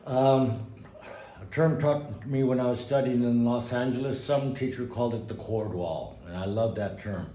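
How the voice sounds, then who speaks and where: Mellow-voiced man teaching piano, roomy sound. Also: medium pitch, moderate pace. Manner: relaxed, encouraging, folksy asides. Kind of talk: casual instructional talk at the piano. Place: room with a piano.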